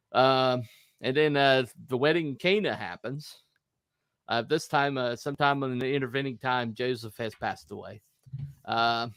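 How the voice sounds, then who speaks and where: A man's voice: medium pitch, dry recording. Male podcast host, casual storyteller, jumps up into playful character voices, dry close mic. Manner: animated, acts out quotes in raised voices, laughs often.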